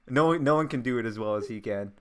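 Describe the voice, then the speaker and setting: A man's voice: medium pitch, fast, clear, resonant tone. A man co-hosting a casual podcast chat, rambling with frequent restarts and laughter. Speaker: podcast co-host.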